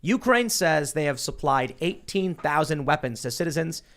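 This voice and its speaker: Man, talk show host, fairly high voice, sarcastic, emphatic. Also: animated, moderate pace, fairly bright tone. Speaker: podcast host. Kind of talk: political talk show chat.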